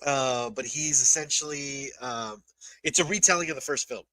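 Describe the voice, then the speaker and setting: A man's voice: medium pitch, moderate pace, pushed and bright, no room sound, poor audio. A man co-hosting a podcast in casual chat, explaining at length and swearing for emphasis. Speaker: podcast co-host.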